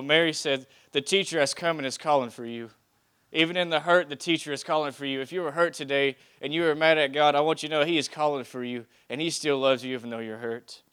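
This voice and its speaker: A man's voice: on the high side, a bit bright, clear, resonant tone. A young man giving a heartfelt sermon, reading scripture aloud and speaking earnestly, often restarting his phrases. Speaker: preacher.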